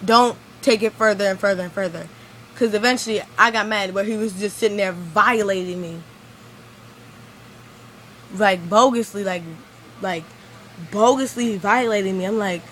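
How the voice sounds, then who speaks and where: A woman's voice: mid-range voice, moderate pace, pauses often, fairly bright tone, a little hiss or hum, rough recording. A woman venting in a rambling vlog monologue, filling her talk with "like" as she retells an argument. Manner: rambling, venting, heavy use of "like". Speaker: vlogger.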